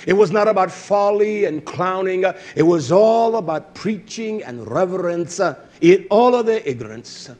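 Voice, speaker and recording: Middle-aged preacher guy, high voice, all over the place, murmurs then yells. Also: expressive, normal speed, few pauses. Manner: impassioned, swinging from low murmurs to shouts. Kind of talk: sermon.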